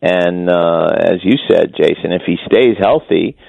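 A man's voice: low voice, measured pace, vocal fry. A man calling in as a regular guest on a sports radio show, chatting casually and rambling with self-corrections while hiccuping. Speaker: guest columnist. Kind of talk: casual sports chat by phone. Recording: tinny phone line.

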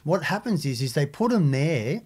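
An Australian man with a fairly high-pitched voice talks in a loose, rambling way, restarting his sentences as he goes. He is blunt and swears freely, and "mate" lands at the end of nearly every thought. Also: very animated, moderate pace, darkish tone, breathy edge. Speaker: guest, former prisoner. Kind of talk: casual podcast storytelling.

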